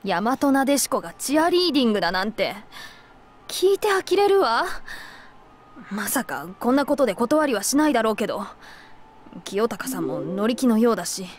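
Brief: strict aristocratic mother, visual novel, quick and clipped, restrained anger. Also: fairly high pitch, sing-song. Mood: stern. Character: stern upper-class mother, middle-aged, controlling.

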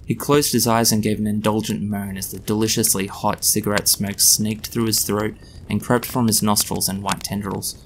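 Gravelly man reading a story. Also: lowish voice, flat delivery, normal speed, a little hiss or hum. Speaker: author reading his story.

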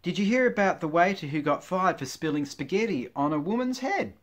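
A man's voice: sits high, lively intonation, fairly quick, pitched above the performer's own voice. Man doing a chirpy joke-telling fellow. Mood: upbeat. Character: chatty man telling corny jokes.

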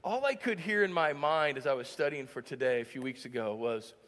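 A man's voice: medium pitch, brisk, fairly bright tone, big-room sound. A man preaching a sermon as pastor, joking with the congregation and often asking "all right?". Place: church sanctuary.

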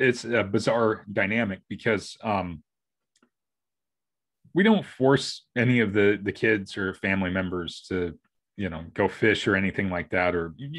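A man's voice: lowish voice, fairly bright tone. A middle-aged man co-hosting a podcast, chatting casually in a rambling way with many restarts and acted-out family quotes. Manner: rambling, restarting, acting out family members' lines. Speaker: podcast co-host. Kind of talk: casual chat.

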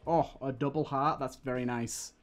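A man's voice: medium pitch, steady tone, moderate pace, faint music behind. A young British man streaming a game, giving exasperated running commentary full of swearing. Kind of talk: live gameplay commentary.

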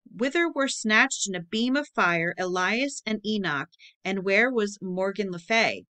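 A woman reads an old legend aloud as an audiobook narrator. Her delivery is steady and measured, at a middle pitch for a woman. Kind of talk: reading a public-domain book aloud.

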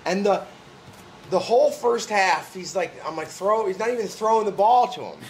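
Lively comic man swinging his voice all over while telling stories, faint noise behind. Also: sits high, moderate pace, rough recording. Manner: animated storyteller, swears, acts out his own rants. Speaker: comedian guest. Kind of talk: casual podcast chat.

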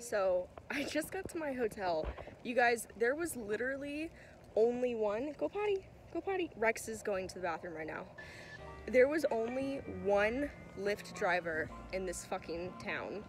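A young woman talks straight to her camera in a loose, profane, chatty way, worn out from a long drive. Her voice sits a little high. Music plays clearly under her. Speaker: vlogger. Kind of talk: casual vlog. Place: in a car and at a horse stable.

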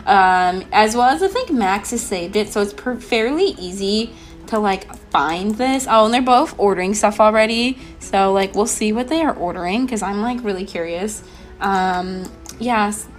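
A young woman hosting a let's play, chatting in a bubbly, excitable way full of "like" and "um". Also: medium pitch, moderate pace. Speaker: gaming channel host. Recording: light background music.

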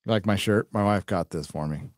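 Heard in clean studio sound without echo, this middle-aged live-stream host speaks in a low voice at a moderate pace. His casual donation readouts and chatter are meandering and profane, packed with filler words.

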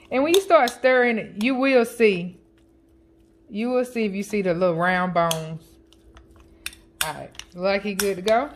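A chatty woman talks through a recipe in her home kitchen, counting out shakes of seasoning and joking with her family as she works. Her voice sits at an everyday middle pitch, and dishes and utensils clatter clearly around her. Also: noisy background. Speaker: home cooking vlogger. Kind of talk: casual cooking chat.

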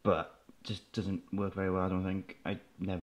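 Laid-back low-voiced man showing his setup. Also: little pitch movement, moderate pace. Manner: laid-back, rambling, plain-spoken. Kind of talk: casual show-and-tell. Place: his room at home.

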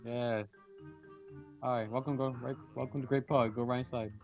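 A man's voice: medium pitch, fairly even intonation, moderate pace, soft background music. Male player, short-tempered and profane, muffled voice-chat sound. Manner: curt, irritated, swears. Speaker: other player. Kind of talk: casual game chat.

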